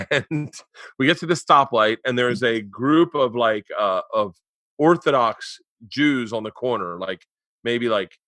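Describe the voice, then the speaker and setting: A man in his forties hosting a remote podcast, telling rambling stories that turn loud and laughing. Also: fairly low pitch, no room sound, clean studio sound. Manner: rambling storyteller, gets loud and laughing in anecdotes. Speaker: podcast host. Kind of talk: casual chat. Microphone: remote podcast mic.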